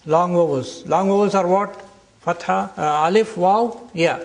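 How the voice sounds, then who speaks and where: An older man teaching a classroom lecture, explaining slowly and deliberately and drawing out example words. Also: high voice, gravelly.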